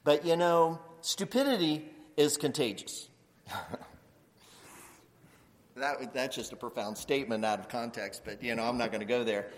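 A man preaching a sermon, animated, acting out the people he quotes and rising to near-shouts. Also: medium pitch, moderate pace, long pauses, long reverb tail. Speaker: pastor.

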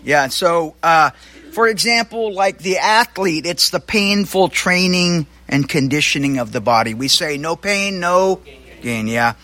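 A male pastor preaching a sermon in a conversational way, with asides and quick self-corrections. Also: a little high, lively intonation, pushed and bright.

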